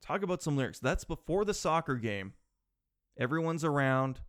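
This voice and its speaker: A man's voice: on the high side, normal speed. Rambling guy chatting casually. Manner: rambling, animated, rhetorical questions, swears. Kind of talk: casual chat.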